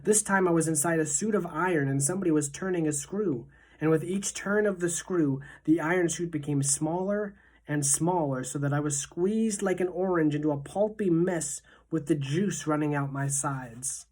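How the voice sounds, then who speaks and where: Low-voiced woman reading a storybook aloud. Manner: measured, expressive narration. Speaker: teacher reading to a class.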